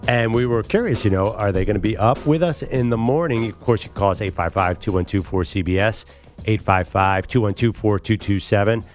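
Lower-voiced man sports radio host. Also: fairly quick, few pauses, darkish tone, faint music behind. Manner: chatty, plugs the phone lines.

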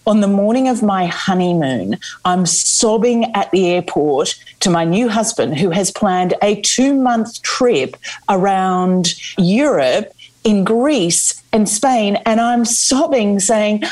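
A woman's voice: mid-range voice, rough recording. Candid woman telling her story. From Australia. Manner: candid, expressive, slows for emphasis. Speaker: guest, memoir author. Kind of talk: interview storytelling.

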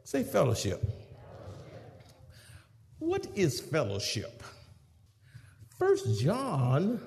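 A man preaching to his church, swinging from shouted praise to quick teaching asides. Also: high-pitched, in a large hall. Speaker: pastor. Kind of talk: sermon.

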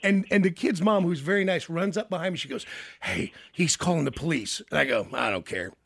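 A man hosting a casual talk show, telling crude, self-mocking stories in an animated way. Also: a little high, fairly quick, creaky, no echo. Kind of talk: casual storytelling chat.

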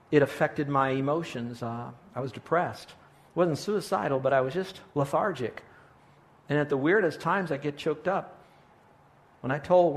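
A middle-aged male pastor preaching a sermon, earnest and pastoral, often restarting his sentences. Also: a little high.

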